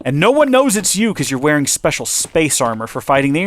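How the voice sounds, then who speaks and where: A man's voice: fairly high pitch, big pitch swings, a little fast. A man hosting a gaming channel, rambling and joking with viewers in a chatty commentary while his voice starts to give out. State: losing his voice. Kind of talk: chatty let's-play commentary.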